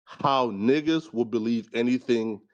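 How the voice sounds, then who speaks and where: A man in casual podcast chat, talking at a middling pitch. He rambles, circling back on himself with filler words and plenty of slang and profanity. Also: unhurried, dull audio. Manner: rambling, full of fillers like "right" and "you feel me". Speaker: guest on a podcast panel.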